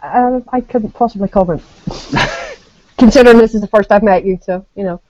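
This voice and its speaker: A woman's voice: medium pitch, animated, moderate pace, mellow, no room sound, dull audio. A woman co-hosting a casual live-streamed chat, playfully teasing and often giggling. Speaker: co-host.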